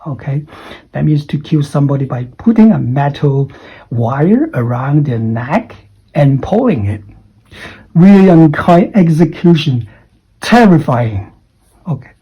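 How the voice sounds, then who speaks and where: Slow, husky-voiced man teaching English. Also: on the high side, very animated, dull audio. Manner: spells out words letter by letter and keeps checking with "okay?". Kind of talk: explaining errors in an online English lesson.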